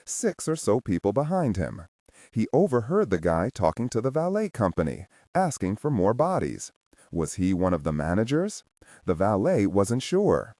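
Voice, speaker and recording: Deep-voiced male audiobook narrator. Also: wildly swooping pitch, moderate pace, warm tone, no room sound, clean studio sound. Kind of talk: scripted narration.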